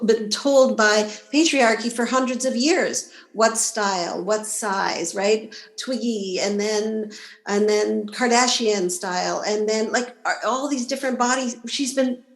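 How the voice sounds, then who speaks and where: A body-image coach appears as a guest on a podcast interview, explaining her ideas animatedly and acting out inner voices as she goes. Her voice is medium-pitched, and the low-quality recording is reverberant.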